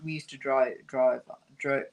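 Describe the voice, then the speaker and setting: An Australian woman hosting a live craft class, chatting in a relaxed, halting way and laughing often. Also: extremely low pitch, slight background noise.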